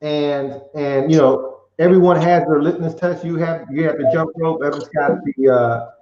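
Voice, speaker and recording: A man's voice: a little high, steady tone, moderate pace, noisy background. A man hosting a podcast, talking in a reflective, rambling way with many restarts, in casual chat. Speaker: podcast host. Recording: echoey, muffled live-stream audio.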